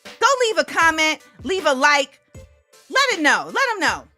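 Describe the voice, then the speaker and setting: A woman hosting a casual livestream, greeting her viewers in an animated, hyped-up way. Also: high-pitched, measured pace, soft background music. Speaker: host.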